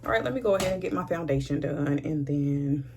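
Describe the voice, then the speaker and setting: A woman's voice: low voice, animated, brisk, vocal fry, background noise. A woman in her thirties chatting casually and sassily while doing her makeup, calling her viewers "honey" all through. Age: 30s. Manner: chatty, sassy, says "honey" a lot. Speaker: beauty vlogger.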